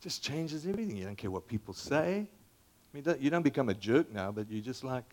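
A man in his sixties preaches like he is talking with friends. He pushes hard on some words and drops almost to a whisper on others, the loudness rising and falling all through the sermon. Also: medium pitch, a little fast. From Zambia. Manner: animated and conversational, with dramatic volume swings down to near whispers. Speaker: pastor.

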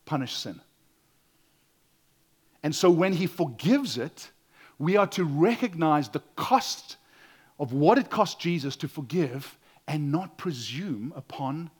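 An earnest male preacher with a slightly high voice delivers a sermon. He acts out the voices of people in his examples and drops suddenly quiet to stress a point. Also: breathy edge.

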